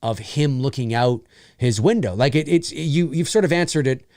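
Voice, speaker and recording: A man's voice: mid-range voice, moderate pace, darkish tone, no echo, studio quality. A man from Canada hosting a casual live-stream Q&A, rambling, repeating phrases and reading out viewers' comments.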